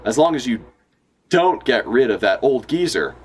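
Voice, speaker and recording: A man's voice: medium pitch, very animated, normal speed, breathy edge. A man reading a manga aloud, voicing an earnest young genius girl who explains physics in a precise, lecturing way. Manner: precise, lecturing, matter-of-fact.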